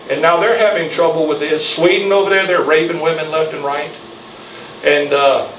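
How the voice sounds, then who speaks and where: A man preaches a fiery sermon from the pulpit, his fairly high voice climbing as he presses his points and calls for amens. The sound is roomy and distant, with faint hiss behind it. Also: steady tone, normal speed, a bit bright. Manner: preaching with rising intensity, calls for amen. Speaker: pastor. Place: church sanctuary. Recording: echoey church, mic from afar.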